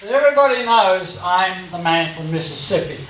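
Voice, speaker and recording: An Australian man speaks as a guest at a church gathering, giving a chatty personal talk full of jokes. His voice sits high, expressive and fairly quick. The recording is echoey and distant, with faint hiss.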